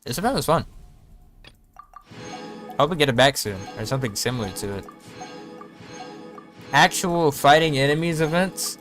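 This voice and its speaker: A man's voice: fairly high pitch, lively intonation, moderate pace, pauses often, a bit bright, soft background music. A man giving casual, joking gameplay commentary, often talking to himself as he plays. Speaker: streamer.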